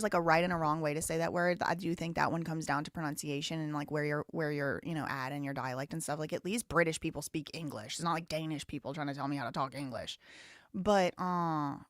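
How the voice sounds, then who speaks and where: A woman's voice: fairly low pitch, no room sound. Chatty Southern American woman, dry sound. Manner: chatty, opinionated, laughs often. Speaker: live show host. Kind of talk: casual live-stream chat, reading comments.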